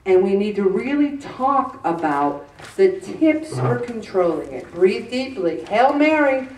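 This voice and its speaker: A woman giving an animated, joking, self-deprecating faith talk to a group. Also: mid-range voice, measured pace. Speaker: speaker addressing a group. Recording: echoey room, mic at a distance.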